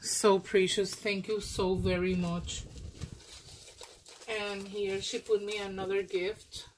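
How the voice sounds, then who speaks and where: A woman who is not an English speaker, gushing and exclaiming as she unboxes a gift swap, with many pauses and fillers. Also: mid-range voice, level tone, background noise. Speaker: crafting vlogger.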